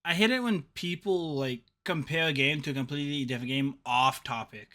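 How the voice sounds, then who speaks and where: A man's voice: a little high, fairly quick, sharp tone. A young man co-hosting a casual gaming podcast, ranting jokingly and laughing often. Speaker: podcast co-host.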